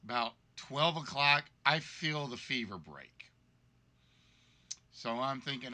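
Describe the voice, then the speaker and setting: With a voice that's medium in pitch, animated, bright, and forceful, a man hosts a game show livestream, taking it slowly and pausing often. He chats casually, rambling and apologizing as he tells about being sick, his voice congested and worn down by a cold.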